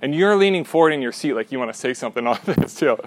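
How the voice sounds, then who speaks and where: A young man leading a teaching discussion, animated and often checking in with a quick "right?", sometimes restarting mid-sentence. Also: medium pitch, slight background noise. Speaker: class leader.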